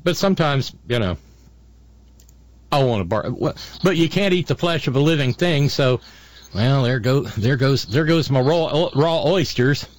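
Older man, podcast host, sarcastic, mocking, halting, filler-heavy. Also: medium pitch, expressive, no echo. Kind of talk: casual political commentary.

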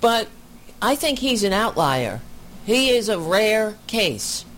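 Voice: mid-range voice, very animated, slow pace, fairly bright tone, slight background noise. A commentator reacting to a clip with indignant, sarcastic remarks.

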